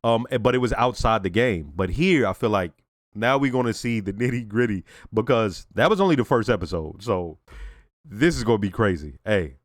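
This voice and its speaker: A man's voice: lowish voice, lively intonation, moderate pace, no room sound, studio quality. A man hosting a reaction video, talking casually in slang and laughing often as he comments.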